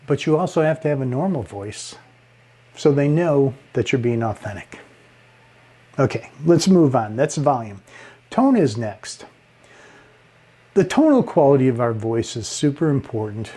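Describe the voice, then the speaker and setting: A male speaking coach gives a lesson at an unhurried, deliberate pace. He is expressive, swinging his pitch and loudness to show each point, and breaks into small chuckles. His voice sits at an ordinary male pitch with a relaxing tone. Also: breathy edge. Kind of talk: instructional talk on speaking.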